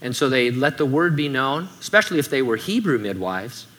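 A man's voice: medium pitch, very animated, a little fast, a bit bright. A man preaching a sermon in a conversational way, with joking asides. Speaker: pastor.

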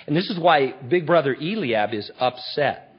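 Male preacher, sermon delivery, emphatic and conversational. Husky tone, fairly high. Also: expressive, normal speed. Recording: dull lo-fi recording.

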